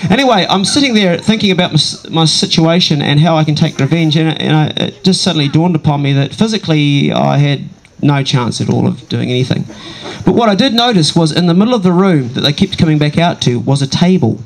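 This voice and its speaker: Animated New man telling a story. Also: on the high side, brisk, gravelly, few pauses, rough recording. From New Zealand. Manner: animated, does voices of other people. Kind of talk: comic storytelling.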